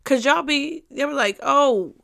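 A woman's voice: on the high side, measured pace, a bit bright. A woman hosting a casual solo podcast monologue, emphatic and repetitive, swearing freely and laughing often. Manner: emphatic and repetitive, with frequent profanity; playful, breaks into laughter. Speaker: podcast host.

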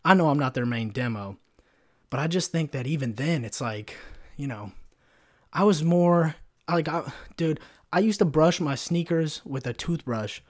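A young man from Kentucky, hosting a solo podcast from his bedroom and ranting in a profane, rambling, heated way. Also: fairly high pitch. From Kentucky, USA. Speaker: podcast host. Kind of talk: casual solo rant. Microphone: desk microphone.

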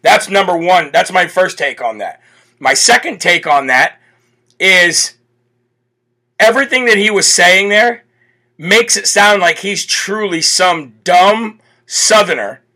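A male political talk host with a high, keen voice. He speaks brashly and mockingly, piling up rhetorical questions. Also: expressive, takes it slowly, sharp tone. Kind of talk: opinionated live commentary.

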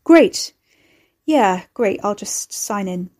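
A woman's voice: mid-range voice, expressive, takes it slowly, warm tone. A woman voicing a guilt-ridden, anxious middle-aged man who stammers when flustered. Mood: sheepish. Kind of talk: scripted narration.

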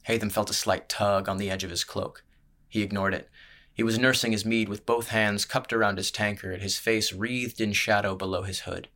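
Low-voiced man narrating a story. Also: steady tone, normal speed, sharp tone. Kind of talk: scripted audiobook narration.

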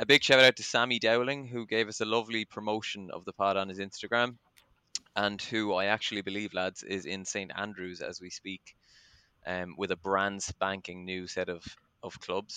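Irish male podcast host, crisp and bright tone, easygoing and rambling with ums. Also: sits low, little pitch movement, normal speed, no room sound. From Ireland. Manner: chatty and self-deprecating, lots of ums. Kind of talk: casual podcast chat.

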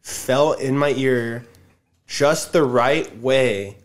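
A man's voice: mid-range voice, extremely slow. A man telling a story in casual chat, acting out what people said, with a lot of swearing. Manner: animated, swears a lot, acts out quotes.

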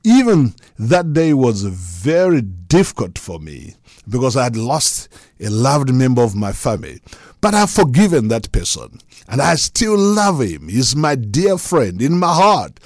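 A man's voice: medium pitch, sing-song, unhurried, dry recording, studio quality. A man delivering a sermon in an emphatic preaching cadence, unscripted and full of fervor.

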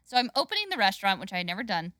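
A woman telling a comic story in casual chat, animated and quick to laugh. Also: medium pitch, no room sound.

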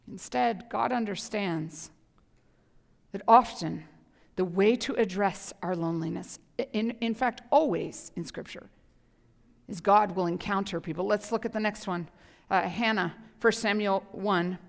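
A woman pastor preaching a sermon with passion, dropping to whispers and rising to loud emphasis. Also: medium pitch, moderate pace, vocal fry. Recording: hall reverb.

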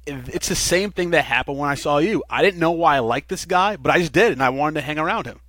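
A man in casual interview talk, telling his recovery story in an earnest, animated way and laughing now and then. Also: on the high side, fast, hardly any pauses, dry recording. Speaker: podcast guest.

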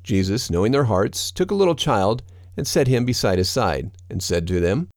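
A narrator with a low voice reads scripture aloud at a steady, measured pace. The recording is dry and close, with no room sound at all.

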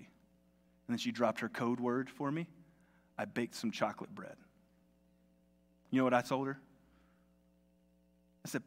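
A man's voice: mid-range voice, fairly even intonation, a little slow, long pauses. A male pastor preaching a sermon in a church, in a conversational, storytelling way. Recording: long reverb of a large hall.

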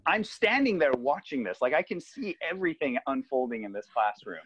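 A podcast co-host with a medium-pitched, slightly rough voice talks fairly quickly while sharing a story in casual chat. He animatedly acts out the kids' voices, and the audio is dry and a little dull, with no room sound.

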